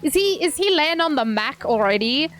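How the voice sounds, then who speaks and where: A woman VTuber streaming a game in casual live commentary, excitable and squealing, swearing freely into a desk microphone. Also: high-pitched, normal speed, soft background music.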